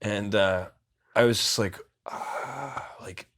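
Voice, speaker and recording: A man's voice: on the low side, moderate pace. A young man, a guest on a podcast, telling a story in a rambling, profane way full of fillers. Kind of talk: casual storytelling in an interview.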